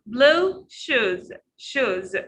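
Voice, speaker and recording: A woman with a high, bright voice teaches pronunciation in an online lesson. She speaks slowly. She says each word again and again so learners can copy it. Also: sing-song, low-quality recording. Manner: slow, repeats words to drill them.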